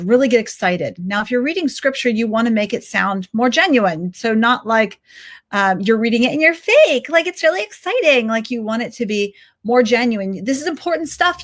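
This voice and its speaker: A young woman talks through tips on reading aloud as a public speaking tutor. Her pitch rises and falls as she shows off inflection, and she addresses the listener directly. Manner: lively, demonstrates inflection with swings in pitch. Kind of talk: instructional talk to camera.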